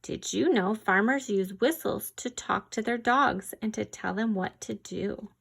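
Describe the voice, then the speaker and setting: Reading a children's farm-animal picture book aloud, a woman keeps a slow, gentle, unhurried pace. Her medium-pitched voice has a slight gravelly fry, and she stops to quiz the listener and makes playful animal noises.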